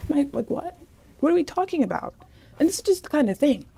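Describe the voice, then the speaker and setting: A woman in casual chat, telling a story in an animated, expressive way. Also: high-pitched, quick pace, gravelly.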